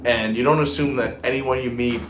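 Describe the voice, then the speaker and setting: A man's voice: medium pitch, fairly even intonation, fairly quick, reverberant. A man in his thirties hosting a live stream, signing off in an earnest, heartfelt, rambling way, recorded on a phone outdoors at a theme park. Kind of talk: casual live stream sign-off.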